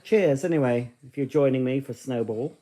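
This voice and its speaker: Male stream host, mellow, rambling home chat. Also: mid-range voice, normal speed. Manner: chatty, rambling, talks to his dog. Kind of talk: casual live stream chat.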